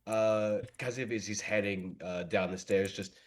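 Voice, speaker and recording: Give me a low-voiced man player, hesitant and unhurried. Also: fairly even intonation. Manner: slow, hesitant, full of fillers. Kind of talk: describing a tabletop character's actions.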